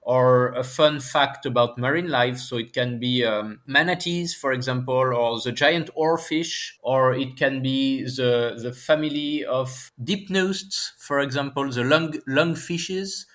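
A man's voice: mid-range voice, unhurried, few pauses, fairly bright tone. A man from France with a French accent, a guest in an interview, explaining earnestly with many fillers. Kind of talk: conversational interview. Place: Paris, lives there.

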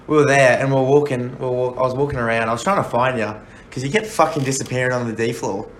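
Laid-back bloke in an echoey room. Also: male voice, mid-range voice, fast talker. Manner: loose, swearing, laughing often. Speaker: podcast co-host. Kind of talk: casual banter. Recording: echoey room with faint noise.

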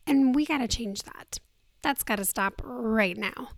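A woman with a slightly high voice hosts her podcast in easygoing talk, still in her groggy morning voice. She keeps it soft, often sinking to a breathy near-whisper into a handheld mic. The sound is dry and close, with no room echo. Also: measured pace. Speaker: podcast host. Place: indoors on vacation. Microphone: handheld microphone.

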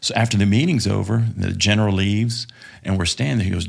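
Low gravelly man telling a profane story. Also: fast. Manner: profane, laughing, animated storytelling. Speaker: podcast guest, former contractor. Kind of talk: casual storytelling.

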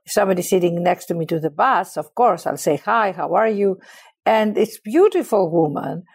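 Speaking briskly in a lowish voice with vocal fry and a breathy edge, a middle-aged woman from Greece tells stories as an interview guest. She has a Greek accent and is a passionate, expressive storyteller in conversation.

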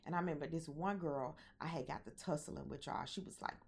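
Low, gravelly woman telling a personal story. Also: brisk. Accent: mixed Southern and Midwestern American. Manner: candid, animated, profane, addresses viewers directly. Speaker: vlogger.

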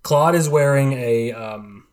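A man's voice: mid-range voice, slow, a little mellow. Man, game master, casual chatty narration, lots of fillers. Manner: casual, filler-heavy descriptions.

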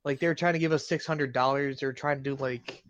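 A man's voice: mid-range voice, quick pace, slight background noise. A young man co-hosting a podcast in casual joking chat, rambling and swearing freely. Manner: profane, rambling, animated. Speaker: podcast co-host.

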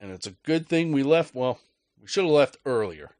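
A man's voice: medium pitch, lively intonation, normal speed, a little mellow, dry recording. A man hosting a podcast, telling a story in a casual rant with a profane, sarcastic, joking manner. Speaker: podcast host.

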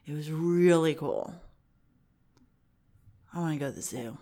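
A woman's voice: low voice, a little slow, mellow. A woman co-hosting a casual podcast chat who giggles often and teases playfully. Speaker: podcast co-host.

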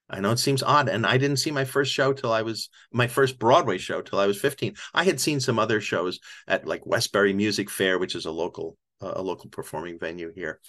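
An older man, an author appearing as a podcast guest, tells a heartfelt story in an interview. His voice is on the low side with a fairly bright tone, and he grows choked up, reflective and emotional, repeating himself and restarting often.

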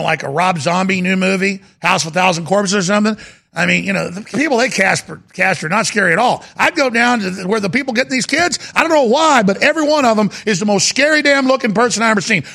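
A male talk show host rants in heated, emphatic commentary. His voice sits high and sounds very gravelly. It comes across forceful and husky. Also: fast. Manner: heated, emphatic, repeats himself. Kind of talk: agitated talk radio commentary.

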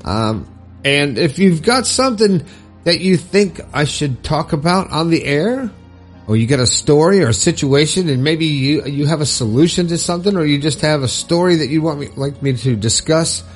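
A man's voice: a little high, animated, normal speed, faint music behind. A man hosting his own podcast in a casual, upbeat and rambling way, with lots of fillers and frequent laughs. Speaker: podcast host. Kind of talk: casual solo podcast talk.

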